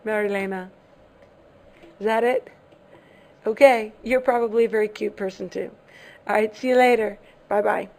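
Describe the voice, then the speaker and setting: A woman's voice: mid-range voice, fairly even intonation, normal speed, long pauses, darkish tone. A woman English teacher giving a lesson, patiently explaining, repeating key words and checking if students follow.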